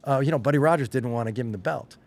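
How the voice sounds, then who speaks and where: A middle-aged man from Long Island with a slight Long Island accent, chatting casually as a podcast guest and telling stories with lively, acted-out quotes. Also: medium pitch, very fast, vocal fry. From Long Island, New York. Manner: animated storyteller, acts out quotes with rising excitement. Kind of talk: casual chat.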